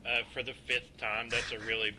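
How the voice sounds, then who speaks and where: A man's voice: medium pitch, little pitch movement, a little fast, sharp tone, rough recording. A man on voice chat during an online match, urging his teammates with exasperated pleas. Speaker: streamer. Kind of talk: gaming voice chat.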